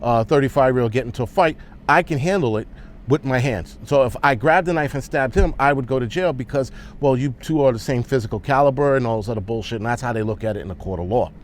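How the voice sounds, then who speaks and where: A man delivers an angry vlog rant. He talks bluntly and swears freely. His voice sits at an ordinary, mid pitch. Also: quick pace, slight background noise. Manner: profane, blunt, heated. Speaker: prepper vlogger.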